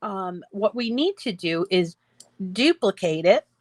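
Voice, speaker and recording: A woman's voice: mid-range voice, expressive, measured pace, no room sound. A woman hosting a craft tutorial, chatting as she explains each step on screen with lots of fillers.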